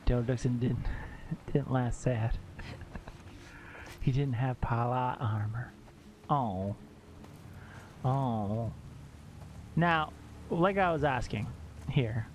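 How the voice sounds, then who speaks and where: A man live-streaming a game and chatting casually with viewers, excitable, laughing often and swearing when surprised. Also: medium pitch, a little hiss or hum. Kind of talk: casual gameplay commentary to chat. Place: at home.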